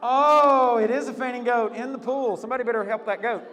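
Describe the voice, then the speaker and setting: A man hosting a lively game for a group, upbeat and teasing, laughing often. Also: very high voice, quick pace, big-room sound. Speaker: youth leader hosting a game.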